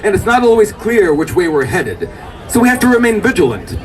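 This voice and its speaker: A man giving an impassioned speech to a rally crowd, building up to shouts. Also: high voice, huge pitch swings, a little fast. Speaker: rally speaker. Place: outdoor city rally. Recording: distant livestream mic with crowd behind.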